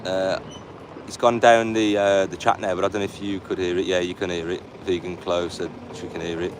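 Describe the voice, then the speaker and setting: A man's voice: deep voice, little pitch movement, a little fast. A man livestreaming outdoors as an animal rights activist, blunt and agitated, swearing often. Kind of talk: live outdoor stream. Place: outdoors by a roadside facility. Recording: distant mic with loud traffic noise.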